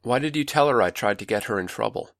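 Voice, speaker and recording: A man's voice: medium pitch, lively intonation, quick pace, gravelly, fairly bright tone, no room sound, voice pushed up. A man playing a bitter, wounded young man who talks resentfully and swears, in a dry close recording.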